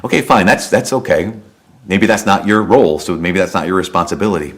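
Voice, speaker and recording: A man's voice: deep voice, animated, a little fast, fairly bright tone. A man, a priest, giving a sermon in a conversational storytelling way, with repeated rhetorical questions.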